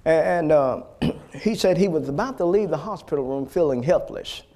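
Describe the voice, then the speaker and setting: A male pastor preaching a fervent sermon, repeating phrases and building to loud exhortation. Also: a little high, lively intonation, moderate pace.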